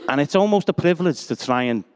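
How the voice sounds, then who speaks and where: A man's voice: fairly high pitch, lively intonation, quick pace, smooth. A middle-aged man, preaching a sermon full of personal stories and self-deprecating jokes. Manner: chatty, self-deprecating, joking asides.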